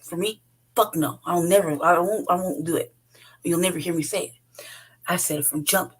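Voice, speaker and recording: A woman's voice: on the low side, moderate pace, pauses often, husky, rough recording. A woman, hosting her own show and ranting bluntly and profanely, laughing often. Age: 40s. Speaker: podcast host. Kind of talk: unscripted rant.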